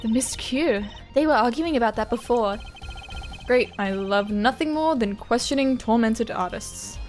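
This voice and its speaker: A woman's voice: a little high, measured pace, natural voice. Earnest young male lawyer, read by a woman, wry and flustered; faint music under. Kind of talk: reading game dialogue aloud on stream.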